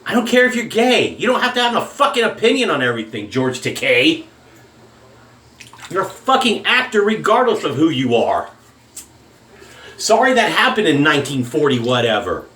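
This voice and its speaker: A man with a drawl vents in a blunt, profane home-video rant. His voice sits a little high for a man. The sound bounces around a hard, echoey room. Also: big pitch swings, moderate pace, pushed and bright. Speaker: shaving vlogger. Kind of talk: angry political rant.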